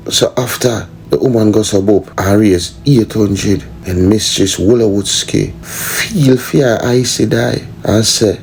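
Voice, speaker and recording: A man's voice: lowish voice, takes it slowly, creaky, few pauses, darkish tone, slight background noise, poor audio. A man telling a rambling comic story, full of "you know".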